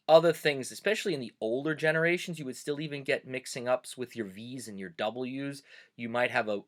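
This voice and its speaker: A man's voice: mid-range voice, a bit bright. A middle-aged man from Pennsylvania with a Pennsylvania Dutch accent, a teacher hosting a casual, reflective video talk with plenty of fillers. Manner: conversational, reflective, many fillers. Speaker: host of a cultural video series; German teacher.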